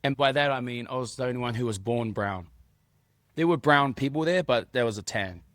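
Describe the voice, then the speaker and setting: A man's voice: medium pitch, a little fast, a bit bright, no echo, studio quality. Joking man co-hosting a podcast. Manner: joking, self-deprecating storytelling. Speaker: podcast co-host. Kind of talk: casual chat.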